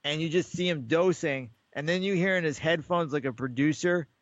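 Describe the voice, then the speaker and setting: A man's voice: fairly high pitch, a little fast, no echo, muffled recording. A man co-hosting a podcast, chatting casually and rambling through stories while acting out the voices of callers. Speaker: podcast co-host. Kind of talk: casual sports chat.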